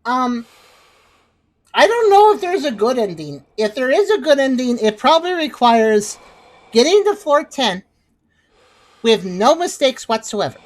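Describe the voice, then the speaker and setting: A woman's voice: high voice, big pitch swings, a little slow, long pauses, low-quality recording. A woman hosting a gaming video, giving casual, joking commentary while she plays. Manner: chatty, joking, wry. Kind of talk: casual let's-play commentary.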